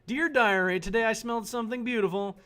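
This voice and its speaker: A man's voice: quick pace, a bit bright, faint music behind. A man putting on a sugary scheming schoolgirl. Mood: syrupy sweet. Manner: mock-innocent, high put-on voice. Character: sweet-acting scheming schoolgirl.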